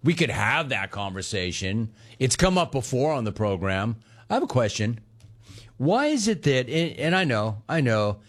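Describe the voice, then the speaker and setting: A man's voice: mid-range voice, big pitch swings, unhurried. A man hosting a sports talk radio show, ranting and telling stories with sarcasm, mimicking callers and his own family.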